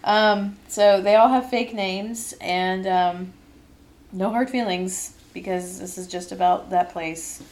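A young adult woman hosting a casual podcast. She tells stories in a lively way and often laughs. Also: mid-range voice, takes it slowly. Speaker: podcast host.

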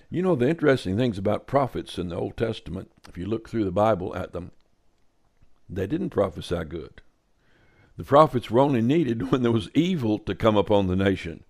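A man's voice: lowish voice, animated, brisk, gravelly, a little mellow. A man teaching a sermon in a conversational way, reading scripture aloud and adding wry, offhand comments. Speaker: Bible teacher.

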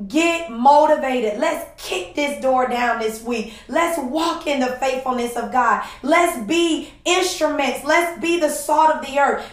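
A woman hosts a devotional podcast, preaching with heartfelt emotion, close to tears, and calling out "y'all" to her listeners. Her voice is high-pitched and the sound is roomy.

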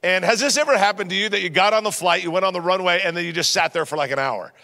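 A man's voice: high-pitched, fast, creaky. A man, an upbeat pastor joking through a sermon in a church hall. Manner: upbeat, joking, lively storytelling.

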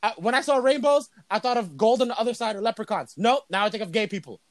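A man's voice: sits high, fast, no echo. A young man co-hosting a casual podcast, talking in loose, profane, joking rants. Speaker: podcast co-host. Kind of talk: casual crude podcast chat.

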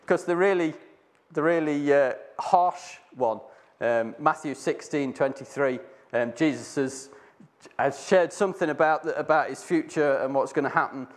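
A man's voice: fairly high pitch, normal speed. A man telling a Bible story in casual talk, rambling with many restarts. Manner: rambling with many restarts, acting out voices in quotes. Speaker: speaker sharing a Bible reflection.

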